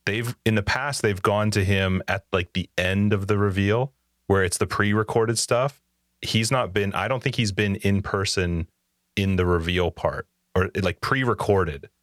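Brief: very low-voiced male podcast co-host, rambling chatty delivery, dry sound. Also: fairly even intonation, unhurried, a bit bright, dry recording. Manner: rambling, restarts sentences often. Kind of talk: casual gaming chat.

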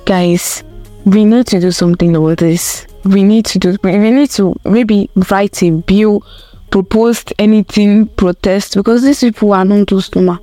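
A woman's voice: mid-range voice, normal speed, dark tone, dry recording, soft background music. A young woman giving a casual opinion rant to camera, emphatic and repetitive, full of rhetorical questions. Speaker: vlogger.

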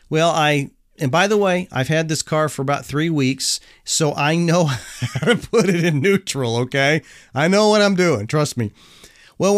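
A middle-aged man telling a casual personal anecdote in an animated, self-deprecating way, chuckling as he goes. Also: medium pitch, clear, resonant tone, no room sound, studio quality. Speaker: storyteller.

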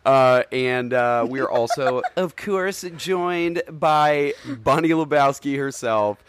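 A man's voice: mid-range voice, slow, clear, resonant tone. A man hosting a podcast in casual chat, rambling, laughing often and swearing freely. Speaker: podcast host.

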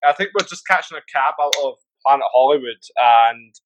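A man's voice: medium pitch, a little fast, a little hiss or hum, low-quality recording. A man in a casual podcast chat, teasing the others and laughing often. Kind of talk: casual chat among friends.

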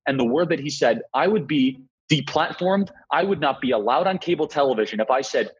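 Young man, political interview guest, rapid-fire, emphatic, husky, dull lo-fi sound. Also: on the high side, lively intonation. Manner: emphatic, rapid argumentative delivery.

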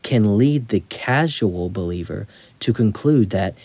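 Slow, mellow-voiced man reading devotionally. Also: fairly low pitch, animated, no echo. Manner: slow, measured, deliberate reading. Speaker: author reading his own book.

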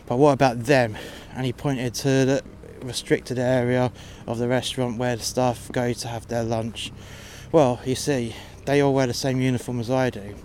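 A man's voice: mid-range voice, little pitch movement, normal speed, a little mellow, a little hiss or hum. A man telling a story about his job in a blunt, sweary and exasperated way. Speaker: podcast host telling work stories. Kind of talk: casual storytelling monologue.

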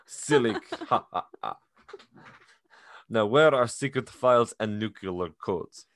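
Man doing a bumbling Russian spy, fake Russian accent, broken English, slow goofy delivery, fairly low voice. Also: lively intonation, fairly bright tone, no echo, heavily acted. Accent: put-on Russian.

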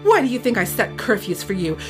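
A woman's voice: mid-range voice, sing-song, a little fast, faint music behind, lightly acted. Field: role. Figure: a woman reading as a seething, acid stepmother. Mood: scolding. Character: furious strict stepmother, adult woman.

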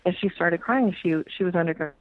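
A woman's voice: lowish voice, fast talker. A woman tarot reader telling stories as a radio guest, frank and swearing freely, acting out the voices she quotes. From United States. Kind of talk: casual storytelling interview. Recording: tinny phone-like radio line.

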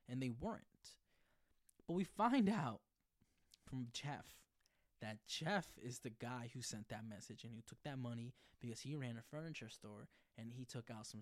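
A young man talking through a show recap in a casual, profane ramble, dropping into quick acted-out lines for the characters. His voice sits at an ordinary middle pitch. The sound is dry and close, with no room around it. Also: no echo. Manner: loose and profane, acting out quotes in brief. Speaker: podcast host.

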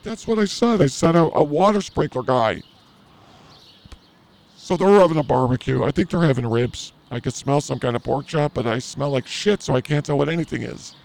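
Gravelly guy podcasting, rambling and self-mocking, goes off on tangents. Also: mid-range voice, moderate pace, a little mellow. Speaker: podcast host. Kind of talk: comedic storytelling podcast.

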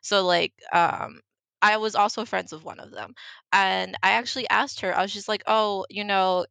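A woman's voice: medium pitch, fairly even intonation, normal speed, creaky, a bit bright, no room sound. A young woman telling a personal story in casual chat, filling her talk with "like". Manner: storytelling, heavy use of "like".

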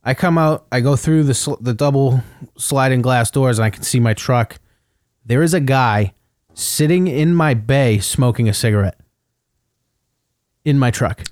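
Profane, animated male storyteller, dry sound. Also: medium pitch, unhurried, pauses often, dry recording. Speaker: podcast co-host telling a story. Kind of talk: casual chat.

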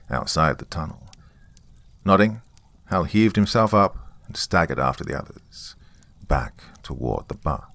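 A man's voice: deep voice, vocal fry, fairly bright tone, no room sound. A man reading a horror novel aloud, with grave, dramatic scripted narration. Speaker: audiobook narrator.

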